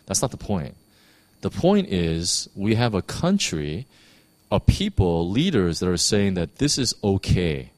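Lively low-voiced male pastor preaching. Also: unhurried, no room sound. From United States. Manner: conversational, animated preaching with many restarts. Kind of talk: sermon.

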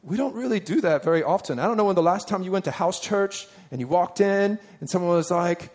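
Man preaching with a higher voice. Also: brisk, few pauses, a little mellow. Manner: conversational, asks the listeners rhetorical questions; reads scripture aloud with emphasis. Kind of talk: sermon.

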